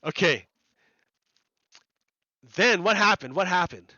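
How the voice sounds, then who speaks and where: A man's voice: sits high, expressive, takes it slowly, pushed and bright, no echo, dull audio. A man giving heated, rambling commentary on news while streaming a game, repeating himself and swearing.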